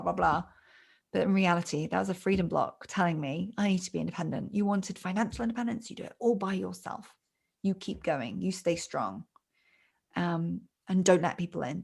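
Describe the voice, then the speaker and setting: A woman's voice: fairly low pitch, gravelly. A middle-aged woman, a business coach, explaining her ideas in lists and examples as a podcast guest. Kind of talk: podcast interview.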